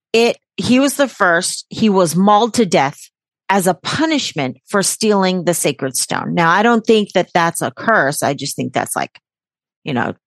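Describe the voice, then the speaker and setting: A woman with a fairly low voice hosts a podcast in casual chat, recorded with no room sound. She's brash and jokey, swearing freely and tossing in sarcastic asides.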